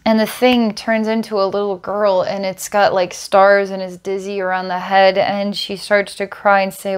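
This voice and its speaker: A woman working as a psychic healer, calmly describing visions during a guided healing session. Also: medium pitch, normal speed, hardly any pauses, clear, resonant tone. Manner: calm, descriptive, storytelling visions.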